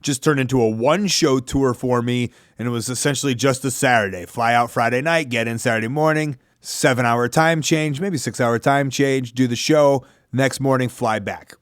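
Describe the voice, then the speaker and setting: A man, hosting a podcast in a rambling, self-deprecating monologue with animated asides. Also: mid-range voice, normal speed, hardly any pauses, dry recording, studio quality. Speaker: podcast host. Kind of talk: casual monologue.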